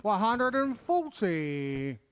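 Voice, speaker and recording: A man calling darts scores as the referee, in measured, announcing tones. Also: high voice, sing-song, clear, resonant tone, no room sound, clean studio sound.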